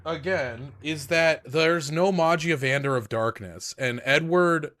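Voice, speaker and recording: A young man co-hosting a casual podcast, animated and self-deprecating, swearing often. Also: on the high side, a little slow. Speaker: podcast co-host.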